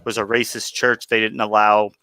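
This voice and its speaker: A man's voice: on the low side, level tone, normal speed, sharp tone, no echo. A man co-hosting a casual podcast chat, sarcastic and argumentative. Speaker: podcast co-host.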